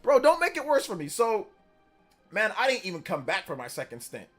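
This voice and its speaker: A man hosting a live stream, telling stories in a casual, animated and slangy way. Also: sits high, fairly quick, faint music behind. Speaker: streamer host. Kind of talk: casual livestream chat.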